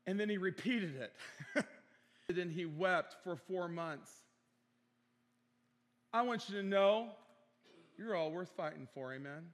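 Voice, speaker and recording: A male pastor preaching earnestly, repeating phrases for emphasis and calling out for amens. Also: sits high. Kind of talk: sermon. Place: church sanctuary. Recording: long hall reverb in a church.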